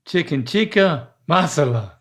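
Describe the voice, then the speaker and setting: A man's voice: fairly high pitch, animated, fairly bright tone. An older man, chatting on a podcast and sounding out words hesitantly. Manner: hesitant, slow to sound out words, easy laughs. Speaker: podcast co-host. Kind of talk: casual podcast chat.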